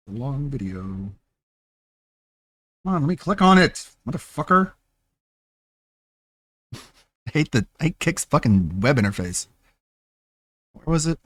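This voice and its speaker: A man's voice: mid-range voice, big pitch swings, unhurried, long pauses, a bit bright, no room sound. A man streaming, reacting to clips with sarcastic, mocking commentary and frequent laughs.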